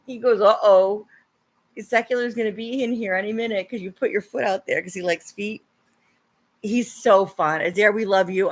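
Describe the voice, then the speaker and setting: A young woman livestreaming and chatting with her viewers, laughing often and swearing when she gets upset. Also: medium pitch. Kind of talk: casual livestream chat.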